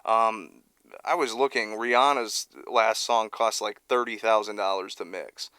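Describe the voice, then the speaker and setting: A man's voice: fairly low pitch, fairly even intonation, unhurried, pushed and bright, clear, resonant tone, no echo. A man working as a mixing engineer, chatting casually to the camera into a close studio microphone, loose and conversational, often restarting his words. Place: recording studio. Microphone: close studio vocal mic.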